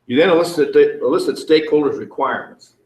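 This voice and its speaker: A man presenting at a conference, asking the audience questions and speaking haltingly with many fillers. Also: fairly high pitch. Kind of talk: interactive conference talk. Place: conference room. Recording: echoey room.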